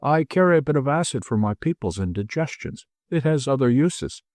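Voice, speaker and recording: A man's voice: mid-range voice, animated, fairly quick, a little mellow, no echo, clean studio sound, natural voice. A man voicing an older country doctor who speaks in a mild, amused, matter-of-fact way. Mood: dryly amused. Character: old country doctor, wry and dry.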